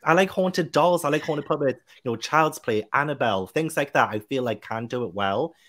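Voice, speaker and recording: A man's voice: medium pitch, brisk. A man with a British accent chatting casually in a book club discussion, rambling with lots of fillers. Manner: rambling, filler-heavy and animated.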